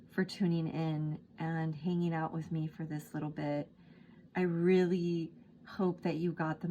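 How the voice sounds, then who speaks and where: A woman's voice: fairly low pitch, warm tone, slight background noise. A woman giving a casual tarot reading, emotional and gushing, full of fillers like "like" and "um", moved to tears. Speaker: tarot reader.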